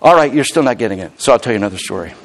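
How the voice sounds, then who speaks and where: A middle-aged man preaching a sermon as pastor, emphatic and animated, often acting out the people he quotes. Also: mid-range voice, racing.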